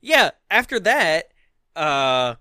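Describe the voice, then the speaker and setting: A man co-hosting a casual podcast, recapping a film in a jokey, animated way. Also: on the high side, extremely slow, smooth, no echo, studio quality. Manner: animated, jokey, laughs often. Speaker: podcast co-host. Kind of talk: casual movie recap chat.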